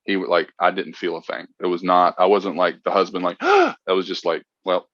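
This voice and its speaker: A man from Mississippi, a podcast guest talking openly and reflectively in a casual chat, with halting restarts. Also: deep voice, big pitch swings, a bit bright, no room sound, highs cut off.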